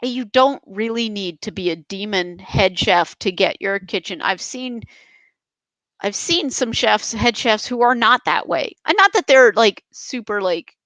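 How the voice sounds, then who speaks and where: A woman's voice: medium pitch, animated, a little slow, a bit bright, no echo, rough recording. A young adult woman speaking passionately and emphatically as a podcast guest, with frequent restarts. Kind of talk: casual interview chat.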